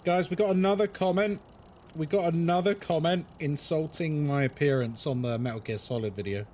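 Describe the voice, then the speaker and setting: A man's voice: a little high, fairly quick, a little mellow, a little hiss or hum. A man hosting a casual game live stream, joking and laughing with his chat. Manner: playful, joking, laughs often.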